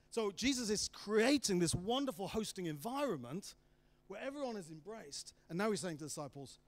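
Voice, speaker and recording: Animated man preaching a sermon. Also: high-pitched, a little fast, no echo. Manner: animated storytelling, acting out voices of the disciples.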